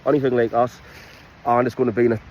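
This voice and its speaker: A man with a broad Geordie accent talks casually at a middle pitch, introducing his outdoors vlog. He pauses often with ums and rephrases as he goes. It sounds like a plain phone recording. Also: highs cut off, a little hiss or hum. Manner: relaxed, with frequent ums and restarts. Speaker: falconry and bushcraft instructor. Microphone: iPhone.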